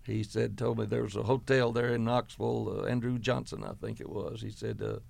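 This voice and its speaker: A man's voice: lowish voice, little pitch movement, brisk, vocal fry, a little mellow. A man in his eighties, a retired football coach, telling long, meandering stories from his career in an oral history interview, full of fillers and quoted dialogue. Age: 80s.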